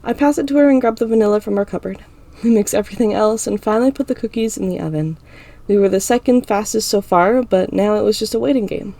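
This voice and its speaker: A woman's voice: medium pitch, fast, vocal fry, warm tone, no echo. A woman reading a first-person story aloud as an audiobook in a casual, unpolished way. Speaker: audiobook narrator.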